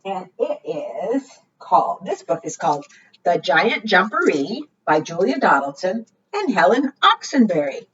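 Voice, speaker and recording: A woman librarian leading a preschool storytime, reading aloud and gently encouraging the children. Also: mid-range voice, big pitch swings, a little slow, slightly rough. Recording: dull distant recording.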